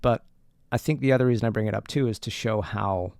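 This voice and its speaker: A man's voice: fairly low pitch, fast, creaky, darkish tone, no room sound. Candid man telling a story, dry sound. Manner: candid, loose, heavy on "like" fillers. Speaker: podcast host. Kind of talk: casual storytelling monologue.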